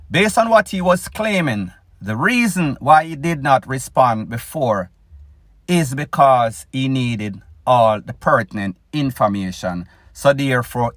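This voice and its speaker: A man's voice: medium pitch, no room sound, clean studio sound. A man with a Jamaican accent hosting his own news commentary show, opinionated and addressing his listeners directly. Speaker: news blogger host.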